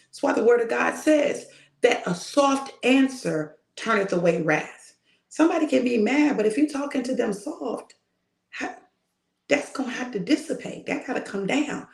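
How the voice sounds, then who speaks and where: Woman minister, informal sermon, emphatic and direct, fairly high voice, roomy echoey sound. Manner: emphatic and conversational, addressing listeners directly. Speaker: prophetic minister.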